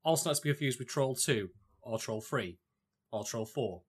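A man hosting a casual podcast, teasing and animated, who swears freely. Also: mid-range voice, moderate pace, slightly rough. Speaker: podcast host.

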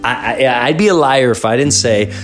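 A middle-aged man hosting his podcast, telling family stories in a rambling, animated comedic monologue. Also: mid-range voice, moderate pace, faint music behind. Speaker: podcast host.

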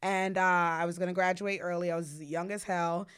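A woman's voice: lowish voice, flat delivery, moderate pace, a bit bright, smooth. A young woman from the Bronx with a New York accent, a podcast guest telling candid, profane stories in casual chat. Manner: candid, profane, storytelling with many "like"s.

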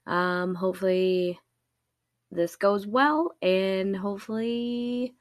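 A young woman with a sore, raspy throat hosts a true-crime podcast in an unhurried, rambling way, cursing offhandedly and poking fun at herself. Her speech is slow and the recording is dry and close, made on a laptop. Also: mid-range voice, no room sound. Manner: rambling, swears casually, self-deprecating. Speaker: podcast host.

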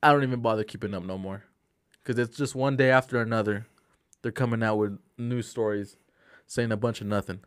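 A man's voice: lowish voice, brisk, clear, resonant tone, no echo, clean studio sound. A young man in casual chat, ranting with slang and swearing. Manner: profane, animated ranting with slang.

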